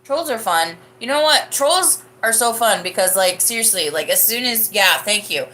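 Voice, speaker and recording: A woman's voice: a little high, expressive, moderate pace, pushed and bright. A young woman hosting a live podcast, chatting casually and rambling as she answers viewer comments, laughing often. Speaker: livestream podcast host.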